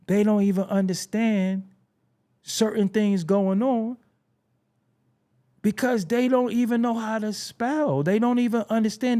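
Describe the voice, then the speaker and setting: A man's voice: high voice, a little mellow. A man from Brooklyn with a Brooklyn accent, hosting a casual commentary monologue in a blunt, preachy way, swearing freely. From Brooklyn, New York. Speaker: show host.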